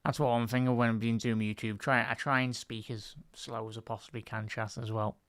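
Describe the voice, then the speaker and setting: A man with a Scouse accent commentates live on a football match for his online viewers, talking to them as "chat". His voice is smooth and resonant, sitting at a middling pitch. The sound is dry and close, with no room around it. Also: little pitch movement, brisk, a bit bright, no room sound. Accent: Liverpool (Scouse). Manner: chatty, addresses his viewers as "chat", laughs often. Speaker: football commentator and YouTube host. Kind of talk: live fan watchalong commentary.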